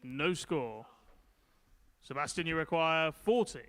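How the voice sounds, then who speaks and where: A man's voice: fairly high pitch, slow, fairly bright tone. A man working as darts referee, calling scores in a ringing, rising call.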